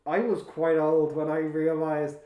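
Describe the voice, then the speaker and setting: Guy, slightly high voice, joking about movies, roomy echo. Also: little pitch movement, a little slow, mellow. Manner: laid-back, joking, swears casually. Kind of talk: casual film chat. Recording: echoey room.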